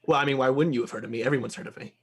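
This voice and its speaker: A woman's voice: very deep voice, rapid-fire, breathy edge. A woman voicing a brash, boastful famous woman in a tabletop game. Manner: boastful, rowdy.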